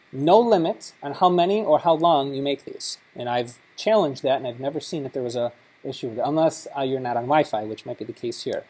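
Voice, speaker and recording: Husky-voiced man presenting a workshop. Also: medium pitch, a little mellow, poor audio. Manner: chatty, demonstrating an app step by step. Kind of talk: conference workshop demo. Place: conference session room. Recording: live conference talk recording.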